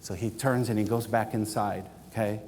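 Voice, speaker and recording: Animated storytelling man in a reverberant hall. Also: fairly low pitch, normal speed. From Guam. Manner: animated storyteller who acts out dialogue. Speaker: keynote speaker. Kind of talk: storytelling keynote. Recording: long hall reverb with faint noise.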